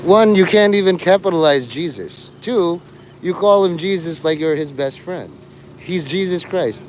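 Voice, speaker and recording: A man's voice: high voice, expressive, measured pace, slight background noise. A man livestreaming to his chat, rambling and teasing people in crude, mocking talk.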